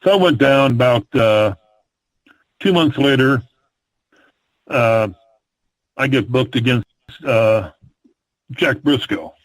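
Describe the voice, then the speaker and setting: A man's voice: mid-range voice, takes it slowly, long pauses, no echo, poor audio. Older man telling wrestling stories. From American Midwest. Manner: rambling, many fillers and restarts. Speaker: retired pro wrestler, guest. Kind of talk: storytelling interview.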